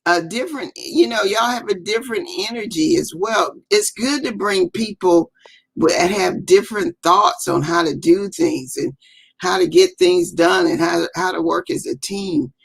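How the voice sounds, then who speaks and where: A woman coach, a guest on a video call, speaking warmly and haltingly and often repeating herself. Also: fairly low pitch, expressive, gravelly, slightly rough. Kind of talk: casual interview.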